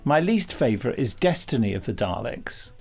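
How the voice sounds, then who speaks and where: A man's voice: mid-range voice, sing-song, moderate pace, gravelly, breathy edge. A man co-hosting a podcast, chatting in a wry, digressive way. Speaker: podcast co-host. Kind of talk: casual podcast commentary chat.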